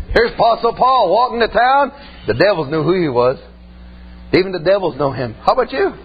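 High-voiced emphatic preacher, muffled hum. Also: male voice. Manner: emphatic, punctuates with repeated amens, folksy. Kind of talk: sermon with personal storytelling.

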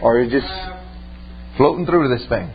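A man's voice: mid-range voice, moderate pace, highs cut off. A man preaching a sermon and telling stories from his ministry, emphatic and folksy, punctuating his points with repeated amens. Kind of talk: sermon with personal storytelling.

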